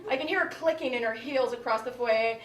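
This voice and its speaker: A woman comedian telling a comic family story in an animated way, acting out relatives' voices. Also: on the high side, brisk. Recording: live stage, far mic, echoey, noisy crowd.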